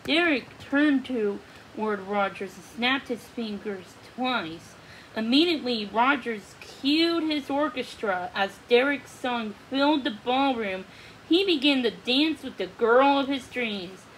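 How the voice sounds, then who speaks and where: A woman slowly reading a children's storybook aloud in a read-along, with a faint hiss behind her. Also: on the high side, animated, fairly bright tone, rough recording. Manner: slow, careful reading with small restarts. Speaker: storybook reader.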